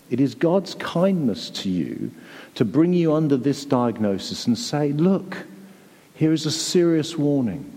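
A man's voice: medium pitch, dark tone, husky, big-room sound. A man preaching a sermon to a church congregation, earnest and pleading, often repeating words as he presses his point. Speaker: pastor.

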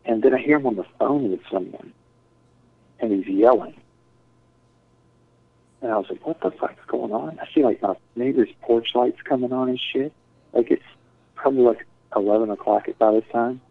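A man's voice: medium pitch, normal speed, long pauses. A man telling a rambling story in casual chat, swearing and saying "dude" and "like" a lot. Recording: tinny phone-like sound, dry.

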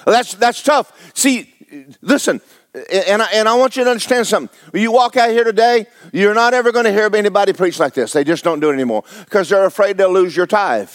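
A man's voice: high voice, a little fast, dry recording. A man preaching a blunt, exhorting sermon, firing rhetorical questions at his congregation. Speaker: pastor.

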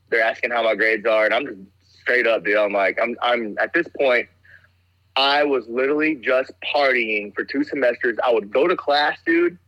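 A man's voice: medium pitch, sharp tone, dry recording, rough recording. A young man telling a rambling story in casual chat, laid-back, calling everyone "dude". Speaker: guest telling stories.

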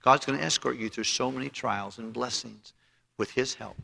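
A male pastor preaching with a gravelly, forceful voice. He is emphatic and tells stories, often restarting his phrases. His sermon rings with the long reverb of a church auditorium. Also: mid-range voice, moderate pace.

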